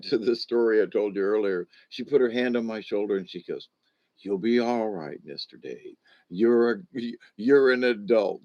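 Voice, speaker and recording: An older man telling personal stories to his channel in a casual, halting way, often restarting his sentences. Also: on the low side, highs cut off. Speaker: channel host. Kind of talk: casual rambling storytelling.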